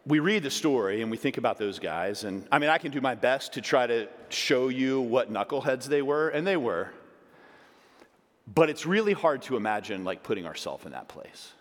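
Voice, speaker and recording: A man's voice: mid-range voice, lively intonation, normal speed. Man preaching in a reverberant church hall. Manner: emphatic preaching, swinging from loud pleas to hushed asides. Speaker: pastor. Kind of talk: sermon. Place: church sanctuary. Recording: long reverb of a large hall.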